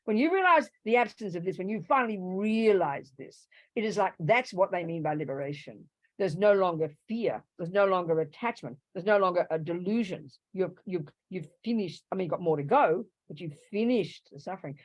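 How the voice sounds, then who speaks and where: A woman teaching Buddhist philosophy to a live class, animated, swinging from loud emphatic bursts to soft asides and acting out little quoted voices. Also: fairly low pitch, fairly quick, no echo. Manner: acts out little quoted voices to make a point. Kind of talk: dharma talk to a live class.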